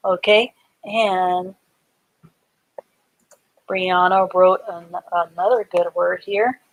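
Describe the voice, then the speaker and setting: A middle-aged woman gives a live reading lesson at a very slow, careful pace. She breaks each word into its letters and sounds, then puts them back together. Her tone stays patient and encouraging throughout. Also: on the low side, fairly even intonation, rough recording. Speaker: reading teacher.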